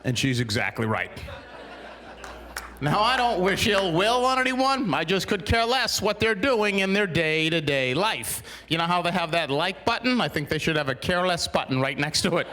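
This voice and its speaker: A man's voice: high-pitched, animated, normal speed, bright, forceful tone. A man in his forties doing a stand-up comedy routine on a small studio stage, telling dry, exasperated stories with punchlines.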